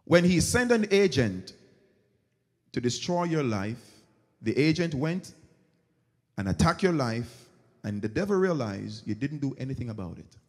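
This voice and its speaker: A man's voice: medium pitch, a little slow, pauses often. A man preaching a sermon as pastor, telling stories and acting out their characters. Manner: animated storytelling, acting out characters. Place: church sanctuary. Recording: long church reverb.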